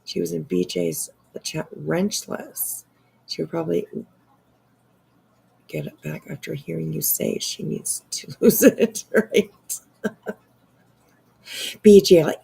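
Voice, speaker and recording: A woman live-streaming her sarcastic take on online drama, talking slowly in a low, gravelly voice. Her tone is husky, and she draws out her exclamations and swears casually as she chats. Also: sing-song, dark tone.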